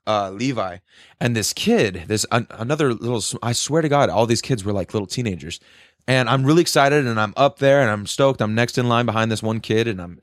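An excitable young man chats casually, swearing often and jumping into loud outbursts as he tells his story. His voice sits mid-pitch. The sound is dry and close, with no room echo. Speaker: concertgoer telling a story. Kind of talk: casual chat.

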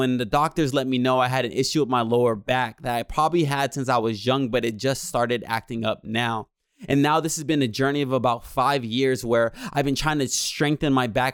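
A young man in his twenties gives a heartfelt motivational talk in the cadence of a preacher. His voice is smooth and resonant at an average pitch. The sound is dry and close. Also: no room sound. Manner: earnest, preacherly, repeats "you see". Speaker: motivational speaker. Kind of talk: inspirational monologue.

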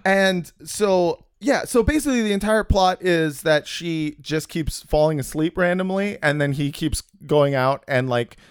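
A man's voice: fairly high pitch, measured pace, hardly any pauses, smooth, no echo, clean studio sound. A man co-hosting a casual comedy podcast, recapping a film in a rambling, profane way with many restarts.

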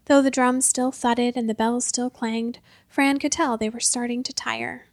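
A woman narrating a storybook in a lively, expressive way. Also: a little high, normal speed, creaky, hardly any pauses, no room sound.

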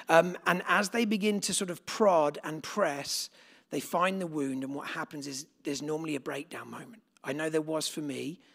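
A pastor preaching a sermon to a church crowd, chatty and direct as he asks them questions. His voice is gravelly with plenty of fry, and it sits a bit above the usual male pitch. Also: moderate pace, fairly bright tone. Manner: conversational, asks the congregation questions. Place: church gathering with live congregation.

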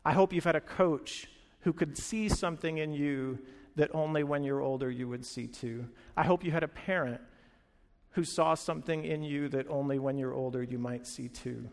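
A man preaching a sermon as a pastor, telling stories with energy, acting out quoted lines and dropping to quiet earnest moments. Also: mid-range voice, vocal fry, in a large hall.

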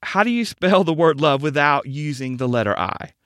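A man giving a scripted Bible-based talk on marriage, measured and emphatic, slowing down to stress key words. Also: fairly high pitch, lively intonation, a bit bright, no room sound, studio quality. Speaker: marriage teacher.

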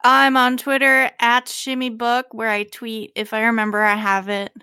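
A woman joining a casual podcast chat, joking in a deadpan way. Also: on the high side, normal speed, clear, resonant tone. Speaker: podcast guest.

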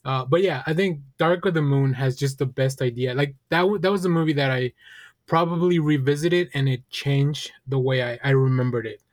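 A man's voice: medium pitch, normal speed, no echo, clean studio sound. A man co-hosting a podcast, talking loosely and rambling with plenty of fillers. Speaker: podcast co-host. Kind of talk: casual podcast chat.

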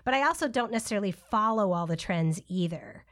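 A woman's voice: medium pitch, lively intonation, fairly quick, fairly bright tone. A woman co-hosting a podcast in casual chat, laughing often and gushing over what her friend says. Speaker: podcast co-host.

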